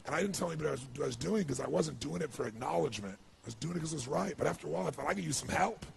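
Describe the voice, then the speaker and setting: A man's voice: a little high, rapid-fire, vocal fry. A man giving an earnest, emotional storytelling speech as a motivational speaker, with lots of "you know.".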